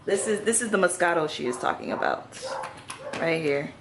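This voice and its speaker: A woman's voice: on the low side, expressive, normal speed, creaky, background noise. A woman helping film a home cooking video in the kitchen, asking short prompting questions. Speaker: family member helping film.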